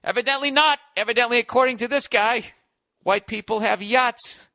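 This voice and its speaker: A man's voice: very high-pitched, moderate pace, vocal fry, sharp tone, no room sound, studio quality. Sarcastic, profane American man on a podcast. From United States. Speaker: podcast host. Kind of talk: comedic podcast rant. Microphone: studio podcast mic.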